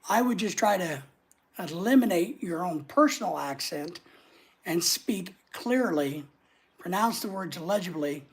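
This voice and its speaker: Husky man chatting on a livestream. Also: high-pitched, animated, a little slow. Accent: neutral American. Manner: rambling, reads viewer comments aloud and answers them. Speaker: livestream host. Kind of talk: casual livestream chat.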